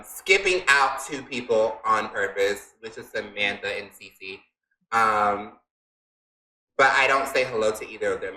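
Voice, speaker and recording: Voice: medium pitch, sharp tone. A tabletop game player speaking in character in a sassy, playful, slang-heavy way. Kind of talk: in-character role-play, casual. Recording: roomy echo.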